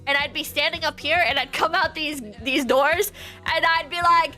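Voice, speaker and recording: A woman streamer rambling through casual commentary, joking and swearing freely. Her voice sits high and sounds very bright, with faint music playing behind her. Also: fairly even intonation, normal speed. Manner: profane, rambling, jokey.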